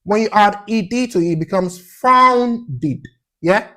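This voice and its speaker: A man's voice: high-pitched, a little slow, sharp tone. A man teaching an English pronunciation lesson, repeating sounds as drills and checking in with a questioning "yeah?" after each point.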